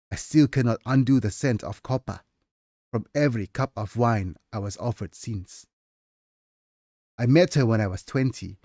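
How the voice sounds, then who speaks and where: A man's voice: medium pitch, darkish tone, no echo. Aging scribe narrator with a Nigerian accent, solemn memoir tone, dry close sound, read by a man. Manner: solemn and reflective. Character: aging male scribe recalling his past. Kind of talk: reading a novel aloud.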